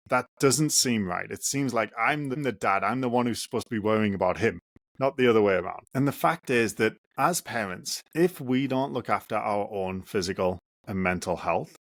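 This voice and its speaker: A man with a mid-range voice talks through a solo podcast in a sincere, reflective way. He builds his points in short, measured phrases. The sound is close and very dry. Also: medium pitch, no room sound. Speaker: podcast host and running coach.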